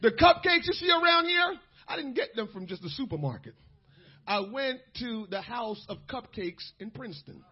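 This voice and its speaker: A man preaching a sermon with fervor, moving from quiet storytelling to shouting, with many "uh"s and repeated words. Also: very high voice, very animated, breathy edge. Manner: fervent, swings from soft storytelling to shouting; fills pauses with "uh", repeats words. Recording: dull lo-fi recording.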